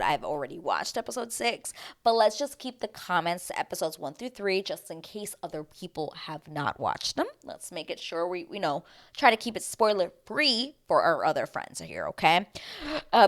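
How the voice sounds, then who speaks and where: A woman with a slightly low voice recapping reality TV on her vlog. She talks in an animated, exclamatory way, addressing viewers directly as if chatting with friends.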